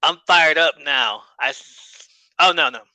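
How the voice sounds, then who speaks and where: A man's voice: fairly high pitch, measured pace, sharp tone, no room sound, low-quality recording. A man putting on a cocky southern wrestling heel. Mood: taunting, fired up. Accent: Southern US, put on. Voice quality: brash, taunting drawl.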